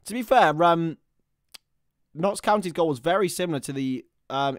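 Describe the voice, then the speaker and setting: A man giving live football commentary, chatty with listeners and bursting into shouts at chances and goals. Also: a little high, no room sound, studio quality.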